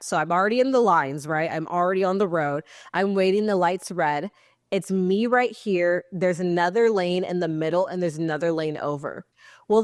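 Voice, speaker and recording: Animated young woman telling a story. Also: dry recording, clean studio sound. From Texas. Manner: animated, swears freely, acts out quotes with big pitch jumps. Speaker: podcast co-host. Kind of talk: casual storytelling chat.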